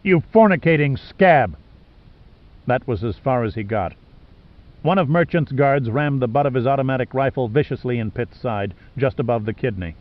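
A man reading an audiobook in steady scripted narration. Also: mid-range voice, a little fast, highs cut off.

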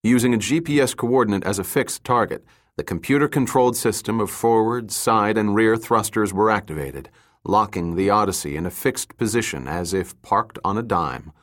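An audiobook narrator with a low-pitched voice reads a scripted thriller. His delivery is even and measured, keeping the action easy to follow.

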